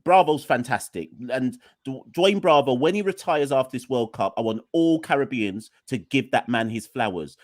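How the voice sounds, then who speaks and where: A man's voice: medium pitch, dry recording, studio quality. Emphatic man ranting as podcast host. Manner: emphatic, exasperated, addresses listeners directly. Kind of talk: opinionated cricket podcast rant.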